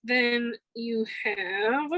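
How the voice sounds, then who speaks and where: A woman's voice: on the high side, extremely slow, bright, forceful tone, no room sound, lo-fi sound. A woman giving a casual pick-a-card tarot reading, upbeat and chatty, with frequent ums. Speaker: tarot reader.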